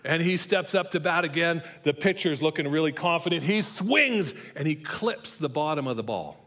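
A middle-aged pastor telling a story from the pulpit in a church. His voice is fairly high and bright, with a forceful edge. He sinks to a soft, hushed tone to drive points home. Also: animated, normal speed. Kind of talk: sermon.

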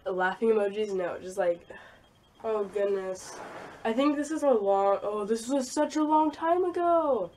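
A woman's voice: on the high side, expressive, unhurried, darkish tone, slight background noise. A young woman vlogging casually, rambling and laughing at herself as she looks through old files. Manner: rambling, self-deprecating, giggly. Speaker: YouTuber. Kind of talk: casual vlog commentary.

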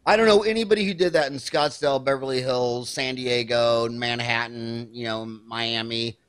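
An older man from Kansas hosting a podcast interview, asking blunt, animated questions. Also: mid-range voice, normal speed, clear, resonant tone, dry recording. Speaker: podcast host. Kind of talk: casual interview.

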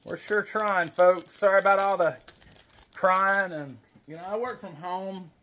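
A man's voice: high voice, unhurried, a bit bright. A man casually opening wrestling card packs at home, reading names aloud and chatting to his baby as he goes. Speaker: wrestling card collector vlogger. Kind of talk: casual pack-opening chat.

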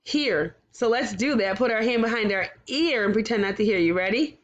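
A woman teaching a recorded phonics lesson to young children, sounding out vowels and letters clearly and encouraging them. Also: fairly high pitch, lively intonation, moderate pace. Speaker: kindergarten teacher.

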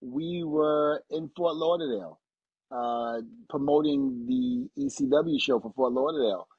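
A man's voice: fairly high pitch, unhurried, slightly rough, no room sound, highs cut off. A middle-aged man, a retired pro wrestler, telling casual anecdotes as a guest and laughing through them.

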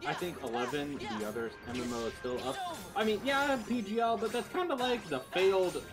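Sarcastic ranting friend, mid-pitched voice. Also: sing-song, brisk. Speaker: co-host friend. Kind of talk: casual chat. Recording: loud game music underneath.

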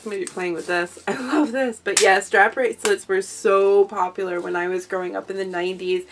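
A young adult woman excitedly chatting through a craft mail unboxing, gasping and gushing over each item. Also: mid-range voice, a little hiss or hum. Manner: gushing, excitable, gasps often. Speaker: craft vlogger. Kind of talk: casual unboxing chat.

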